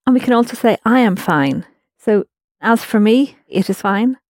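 A woman's voice: a little high, animated, normal speed, darkish tone, no room sound, studio quality. A woman teaching a language class, explaining phrases patiently and prompting her students with questions.

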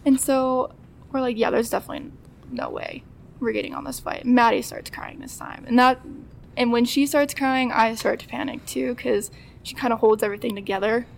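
A creaky, slightly high voice with a steady tone and moderate pace belongs to a woman in her twenties, recorded with a little hiss or hum. On a podcast as a guest, she tells a casual story chattily, performs what people said, and laughs often.

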